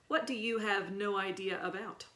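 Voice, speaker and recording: A woman's voice: medium pitch, steady tone, normal speed, bright, forceful tone, roomy sound, natural voice. A woman voicing a strict, mean school librarian who barks and mocks children. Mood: stern. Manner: barking, mocking, menacing.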